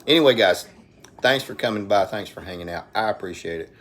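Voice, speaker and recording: A middle-aged man with an Alabama accent hosts a casual livestream from his phone at home, rambling in a folksy way and addressing viewers by name. His voice is lowish and fairly bright, and he speaks animatedly at a fairly quick clip.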